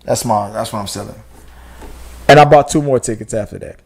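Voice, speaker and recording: A man's voice: fairly low pitch, brisk, vocal fry. A young man hosting a podcast, chatting casually and rambling, with restarts and swearing. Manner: rambling and animated, with profanity and restarts. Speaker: podcast host. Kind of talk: casual chat.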